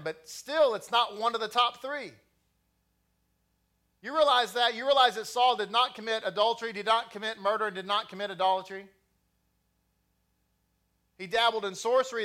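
A middle-aged man giving a sermon on scripture, mixing in personal stories and growing loud and animated as he tells them. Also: high-pitched. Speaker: teacher of scripture.

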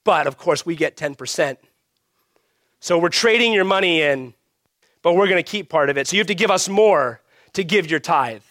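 A man preaching a sermon with a somewhat high voice, recorded close and dry with little room sound. He drives his points with raised emphasis, then drops to a hush, almost a whisper. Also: lively intonation, moderate pace, dry recording. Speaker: pastor.

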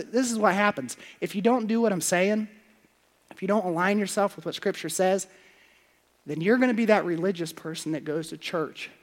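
A man preaching a sermon as pastor, confessional, going from hushed prayer to loud, playful asides. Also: high voice.

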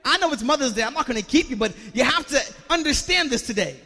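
Male pastor with a very high voice, preaching with shouted calls to the congregation in a reverberant church. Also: lively intonation, fast talker. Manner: call-and-response preaching, repeats words, rising to shouts. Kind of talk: sermon. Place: church sanctuary.

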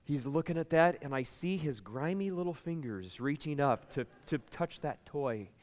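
A man preaching a sermon, a pastor telling lively stories and talking with his congregation. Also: fairly high pitch, moderate pace, in a large hall. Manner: lively, chatty storytelling with the congregation.

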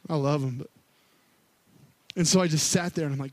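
A man's voice: fairly even intonation, fairly quick, pauses often, no room sound. Candid storytelling man preaching. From Missouri. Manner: candid storytelling, rising to loud pleading then dropping low. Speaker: worship pastor. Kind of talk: sermon.

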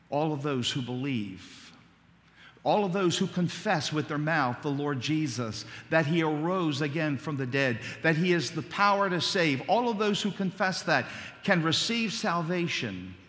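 A man preaching with fervor, his slightly higher voice ringing through a hall with a long reverb. He tells his story calmly and then climbs into a rising, impassioned litany. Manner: builds to fervent, rising litany. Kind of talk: sermon.

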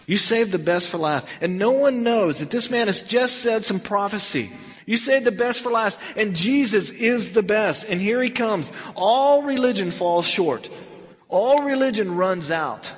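A male Bible teacher preaches a verse-by-verse study, his fairly high voice leaping expressively. He tells the story like an animated storyteller. His words ring through a hall with long reverb. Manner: animated storyteller who acts out scenes. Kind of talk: verse-by-verse sermon.

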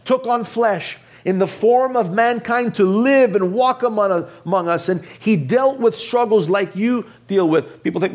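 An earnest male preacher with a high-pitched voice delivers a sermon to his congregation. He speaks to them directly and often sinks low and quiet to drive a point home. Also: measured pace, hardly any pauses. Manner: addresses the congregation directly with questions. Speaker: pastor.

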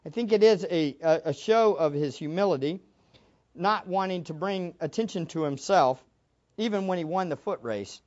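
A woman teaching a Bible lesson as a sermon, emphatic and animated, acting out the quotes she reads. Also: fairly low pitch, normal speed, dull audio.

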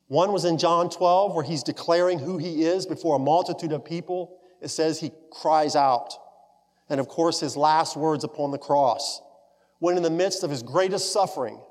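A man preaching a sermon as pastor, earnest, rising to fervent emphasis and then dropping soft and low. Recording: long reverb of a large hall.

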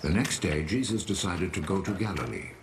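A man's voice: deep voice, expressive, brisk, noisy background. A man narrating scripture in an old film, played back with grainy sound.

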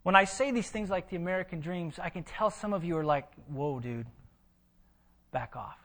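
A man preaching with emphatic drive and lively storytelling. His voice is high for a man and strikingly bright, cutting through each point he makes. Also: fast. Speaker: pastor. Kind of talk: sermon.

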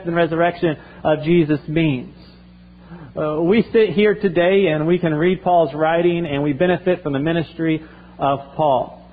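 A male pastor preaching a sermon in an earnest way, often repeating and restarting phrases. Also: a little high. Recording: tinny phone-like sound.

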